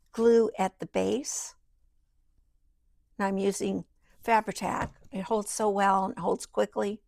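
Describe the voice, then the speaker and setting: A woman talks through her craft project at home, wandering from thought to thought and sometimes dropping to a near-whisper. Her voice has a gravelly, creaky edge, and the sound is close and dry with no room echo. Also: medium pitch. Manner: rambling, thinks aloud, drifts into soft murmurs. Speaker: journal maker. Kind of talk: casual craft walkthrough. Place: home craft table beside a sewing machine.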